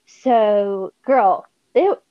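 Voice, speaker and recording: A woman's voice: mid-range voice, very slow, dry recording, dull audio. A woman guest on a podcast, telling stories animatedly and acting out the people she quotes, in a casual faith conversation. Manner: animated storytelling with quoted voices.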